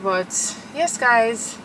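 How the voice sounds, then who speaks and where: A young woman vlogging from her car, chatty and animated, gushing to her viewers. Her voice sits a little high. A steady air-conditioner hum and road noise run clearly underneath. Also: very slow. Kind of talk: casual chat to camera.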